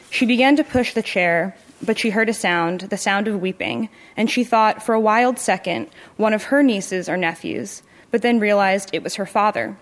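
A woman narrating a literary short story in a measured, even storytelling manner. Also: medium pitch. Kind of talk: literary fiction reading.

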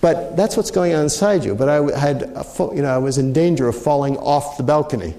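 A middle-aged mediator tells an anecdote reflectively, restarting often. His voice is on the high side and warm, a little fast, and the recording has a roomy echo.

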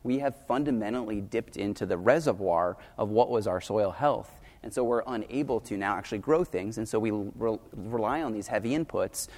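A man speaking on a panel, earnest and emphatic, talking in long rushing sentences. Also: lowish voice, a little mellow, in a large hall. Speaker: panelist on farming and water policy. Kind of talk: panel discussion.

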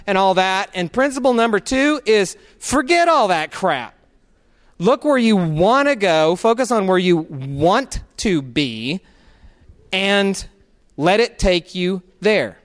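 Motivational speaker, male, high and clear, storytelling, drops low and slow for emphasis, hall reverb. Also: expressive. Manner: storytelling, acts out his own inner voice; slows down and lowers his voice for emphasis. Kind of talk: motivational talk.

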